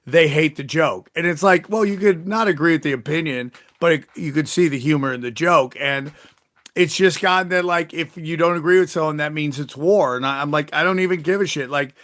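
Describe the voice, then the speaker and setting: A middle-aged podcast host talks bluntly in a casual chat, swearing plenty and restarting his sentences many times as he rambles. His voice is fairly high and a bit bright, his pace fairly quick, and the recording is dry.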